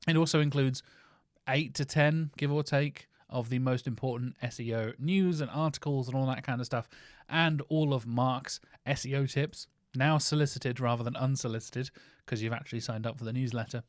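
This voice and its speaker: A British man hosting a podcast, talking in a chatty, enthusiastic way with plenty of rambling asides. His voice sits at an average pitch. The sound is dry and close, with no room echo. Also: fairly even intonation, moderate pace. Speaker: podcast host. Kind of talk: casual podcast outro.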